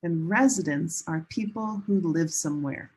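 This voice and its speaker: A woman teaching English as a second language in a recorded online lesson, modeling pronunciation slowly and carefully and repeating words for learners. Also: on the low side, darkish tone, breathy edge, poor audio. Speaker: ESL teacher.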